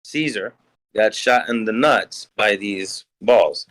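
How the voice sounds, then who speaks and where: A man's voice: fairly low pitch, takes it slowly, a bit bright, poor audio. A man chatting on a podcast, telling jokes and stories casually.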